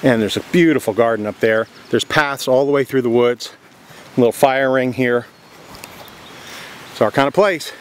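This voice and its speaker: This mid-range male voice moves at normal speed with long pauses, and a little hiss or hum is present. A real estate vlogger, he walks the viewer through a creekside property and a log cabin, chatty and excited outside, softly whispering indoors.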